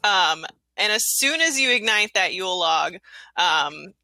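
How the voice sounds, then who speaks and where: A woman's voice: lowish voice, expressive, measured pace, bright, forceful tone, no echo, poor audio. A woman running a tabletop game as game master, narrating with frequent giggles and fillers. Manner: giggly, lots of fillers and restarts.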